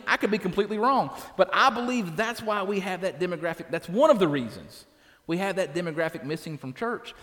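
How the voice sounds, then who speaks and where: Pastor in the pulpit, a man with a high voice, talking plainly to his congregation; church reverb on the sound. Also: bright, forceful tone. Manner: conversational, tags lines with "right?". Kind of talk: sermon.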